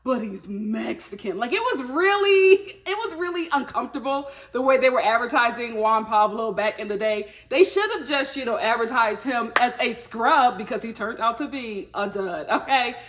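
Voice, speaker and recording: High-voiced animated woman vlogger. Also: moderate pace, hardly any pauses. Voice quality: animated, laughing, playful mock voices. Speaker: show recap vlogger. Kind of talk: casual review chat.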